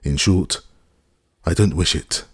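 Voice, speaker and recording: A man's voice: low voice, slow, breathy edge, no echo, clean studio sound, exaggerated voice. A man reading an audiobook, voicing an agitated young married woman who speaks hastily and pleadingly.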